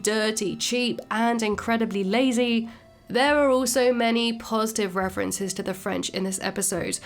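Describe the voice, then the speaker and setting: A woman host narrating a scripted video in a clear, measured way. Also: on the high side. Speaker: channel host.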